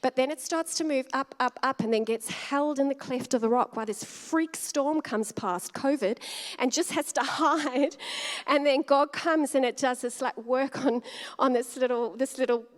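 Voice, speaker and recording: A woman's voice: high voice, moderate pace. Chatty woman pastor in a reverberant hall. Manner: chatty, laughs often, acts out quoted dialogue. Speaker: co-lead pastor. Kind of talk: conversational sermon storytelling. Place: church hall.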